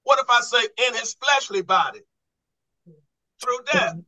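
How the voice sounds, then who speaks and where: A man's voice: very high voice, lively intonation, unhurried, bright, forceful tone, rough recording. A man teaching a Bible study class on grammar, quizzing the group with repeated questions and restarting his phrases to stress a point.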